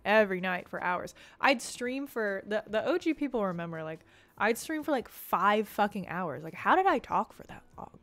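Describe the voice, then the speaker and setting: A young woman chatting casually on a live stream, swearing freely and reading viewer comments aloud. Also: mid-range voice. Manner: chatty, swears a lot, reads chat aloud.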